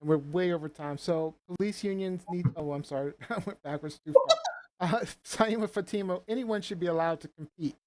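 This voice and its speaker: Lower-voiced woman host, hesitant and questioning. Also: brisk. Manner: questioning, hesitant, many fillers and restarts. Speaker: host reading viewer comments. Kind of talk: live panel discussion.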